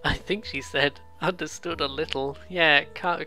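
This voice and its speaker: A bright, forceful voice at a middle pitch, chatting casually over a game. The host laughs often and mocks themselves in quick asides. Faint game music sits underneath. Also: fairly even intonation. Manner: giggly, self-deprecating, quick asides. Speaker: let's play host.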